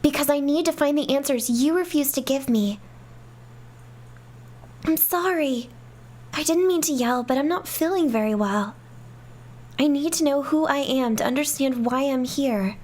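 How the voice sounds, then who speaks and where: Woman voicing a lost young girl, earnest and pleading, high voice. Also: moderate pace, long pauses, a little mellow, close to an everyday voice. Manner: pleading, sincere. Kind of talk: fan dub of game dialogue.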